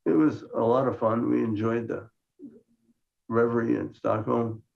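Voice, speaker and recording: Older man, gravelly, dry humor. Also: mid-range voice, level tone, a little slow. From Minnesota, United States. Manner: dry, understated humor with frequent restarts. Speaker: scientist giving a lecture. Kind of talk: conference lecture with slides. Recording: muffled lo-fi lecture recording.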